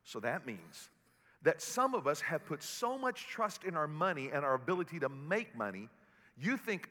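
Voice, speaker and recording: A pastor preaches with a bright, forceful voice that sits high for a man. He tells stories with humor, and his words ring out through a large auditorium with a long reverb. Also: moderate pace. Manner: animated storytelling preacher with humor. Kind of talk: sermon.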